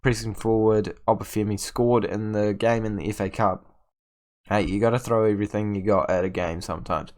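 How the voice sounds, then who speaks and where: A man's voice: lowish voice, steady tone, a little fast, a little mellow. A young man giving casual commentary on his football management game, getting frustrated with his team and stammering through restarts as he rants at the players. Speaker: gaming YouTuber.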